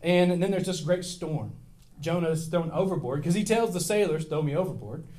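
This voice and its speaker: A man's voice: on the high side, brisk, darkish tone. A middle-aged male pastor preaching a sermon in a casual, storytelling way, with self-deprecating humor and big swings in volume.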